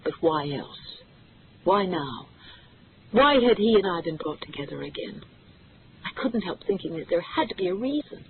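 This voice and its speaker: A narrator reading a thriller audiobook in a steady, dramatic storytelling manner. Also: female voice, fairly low pitch, husky. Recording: tinny phone-like audio.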